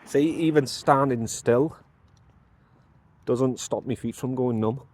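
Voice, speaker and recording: A man walks around outdoors near some mailboxes, vlogging on a handheld phone in casual talk to the camera. His mid-range voice has a darkish tone, and he takes his time, rambling, muttering to himself and making fun of himself.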